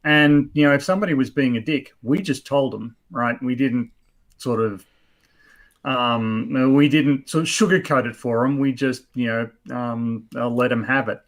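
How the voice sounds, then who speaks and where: A man's voice: medium pitch, normal speed. A man in his fifties hosting a casual chat, blunt and rambling with many fillers. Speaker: host.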